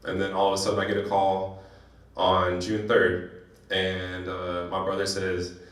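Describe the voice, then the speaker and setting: A young man from San Diego giving an emotional personal speech at a banquet, telling his story in halting bursts with restarts. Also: deep voice, monotone, a bit bright. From San Diego, California. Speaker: guest speaker. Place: banquet hall. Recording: echoey hall, voice from a distance.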